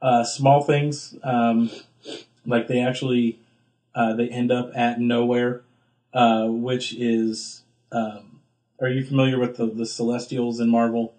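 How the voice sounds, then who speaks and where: Young man, casual podcast chat, rambling, filler-heavy, mid-pitched voice. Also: level tone, slow pace, darkish tone. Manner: rambling, filler-heavy, acts out quotes with big pitch jumps. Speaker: podcast co-host.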